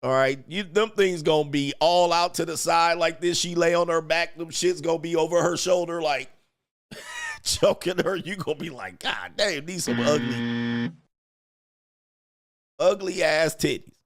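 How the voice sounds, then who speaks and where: A man with a gravelly voice pitched somewhat high riffs crudely to his viewers, talking in heavy slang. He keeps acting out what he and others would say, with loud, animated shifts in delivery. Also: normal speed. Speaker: podcast host. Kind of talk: crude comedic riffing to a live chat.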